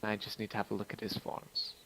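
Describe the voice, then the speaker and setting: A man's voice: lowish voice, monotone, fast, a bit bright, a little hiss or hum, low-quality recording. A man voicing a youthful, charming merchant's wife who speaks sweetly and teasingly in a tabletop game.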